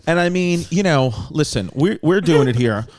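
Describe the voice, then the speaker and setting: A man hosts a casual comedy podcast, loud and profane, breaking into laughter often. His voice sits high and swings widely in pitch. He talks in quick, rowdy bursts. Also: animated. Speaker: podcast host.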